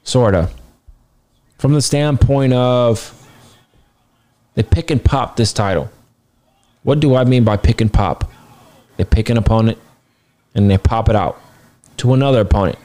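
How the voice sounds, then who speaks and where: A man's voice: medium pitch, measured pace, pauses often, warm tone. A man casually reviewing a wrestling show, blunt and rambling, swearing now and then, sounding tired. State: tired, yawning.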